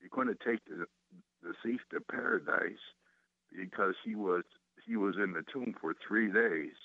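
Deep-voiced male caller, tinny phone line, halting and unsure. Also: gravelly, dry recording. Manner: hesitant, many fillers and restarts. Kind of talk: phone-in question.

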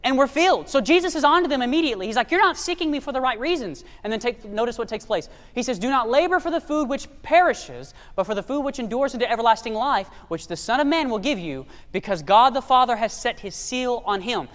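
A man's voice: extremely high pitch, expressive, brisk, few pauses, a bit bright. A man preaching a sermon, emphatic and full of rhetorical questions to the congregation. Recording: long reverb of a large hall.

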